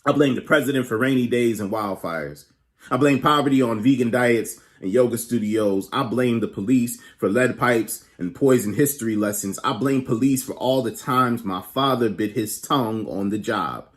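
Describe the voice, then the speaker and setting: A man's voice: medium pitch, normal speed. A man performing a spoken word poem with rhythmic, emphatic repetition. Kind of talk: performed poetry.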